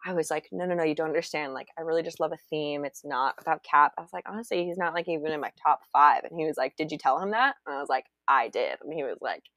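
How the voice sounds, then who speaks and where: Chatty low-voiced young woman, dry sound. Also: fast, hardly any pauses, a bit bright, no echo. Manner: chatty, bubbly storyteller, many "like"s. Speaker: guest telling a story. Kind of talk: casual chat.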